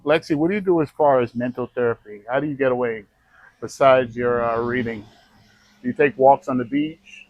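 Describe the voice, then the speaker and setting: A man interviews someone out on the street, asking gentle, sympathetic questions in a medium-pitched voice. The recording is dry with no room echo. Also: fairly quick, dull audio. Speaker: interviewer, channel host.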